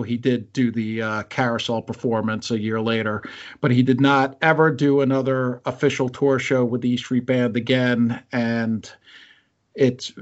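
A man co-hosting a podcast, talking casually about concert tours in a measured, wry way. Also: medium pitch. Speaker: podcast co-host. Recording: dull lo-fi sound.

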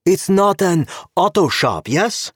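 A man's voice: sits high, very animated, no room sound, studio quality, voice pushed up, full character voice. Man putting on a polite, insistent policeman. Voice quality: halting broken English. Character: Czech male policeman, polite but insistent.

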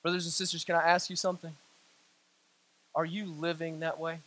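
A middle-aged man preaching a sermon in a church, building with emphatic repetition and dropping low and quiet for stories. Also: level tone, brisk, dry recording. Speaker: pastor.

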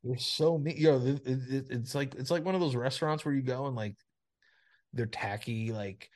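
A man's voice: medium pitch, moderate pace, darkish tone. A man hosting a podcast over a video call, ranting in crude casual banter, swearing freely and padding every sentence with "like.". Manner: profane ranting, heavy filler "like". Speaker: podcast host. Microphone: remote video call.

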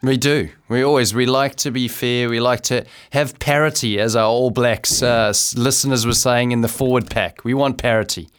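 A man's voice: medium pitch, steady tone, normal speed, few pauses, clean tone. A man with a New Zealand accent, a former cricketer co-hosting a sports show, joking around in casual chat. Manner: jokey, laughing easily.

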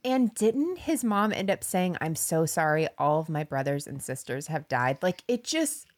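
A woman's voice: low voice, sing-song, normal speed. A woman in casual podcast chat, playful and giggly, cutting in with punchlines.

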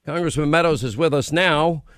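Male radio host, opinionated and combative, slightly raised pitch, dry close sound. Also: a bit bright, smooth, no echo. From United States. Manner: combative, rapid run-on delivery. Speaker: radio talk show host. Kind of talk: opinionated political talk radio.

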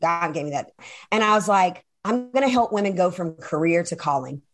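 A woman being interviewed, telling her personal story in an animated, emphatic way, often turning to the listener and acting out what people said. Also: lowish voice, fairly quick. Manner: animated and emphatic, acts out quoted dialogue, many fillers and asides to the listener. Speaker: interview guest, speaker and coach. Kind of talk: personal story told in conversation.

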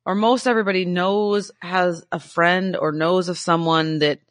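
Bright, enthusiastic woman podcaster. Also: lowish voice, no room sound, studio quality. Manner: enthusiastic, rambling, laughs often. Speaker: podcast co-host. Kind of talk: casual science chat.

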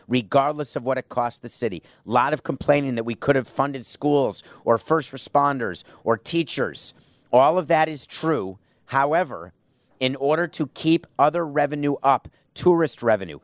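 A man talks in a loose, opinionated commentary style with quick self-deprecating jokes. His voice sits at an ordinary middle pitch. The sound is dry and close, with no room around it. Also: no echo.

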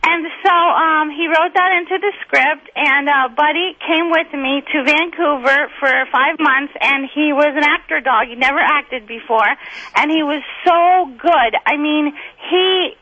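A middle-aged woman, a guest comedian, telling rambling, excitable stories over a phone line. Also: high voice, measured pace, no echo. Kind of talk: chatty phone interview storytelling.

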